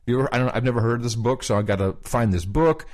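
A man's voice: medium pitch, very fast. A man co-hosting a podcast, casually retelling a conversation with lots of fillers, restarts and quoted dialogue. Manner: animated retelling, quoting others, many fillers and restarts. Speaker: podcast co-host.

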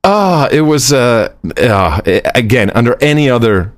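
A man's voice: medium pitch, very animated, a little slow. A man co-hosting a podcast while on the road, telling a rambling story in casual chat. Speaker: podcast co-host. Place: on the road, far from home studio.

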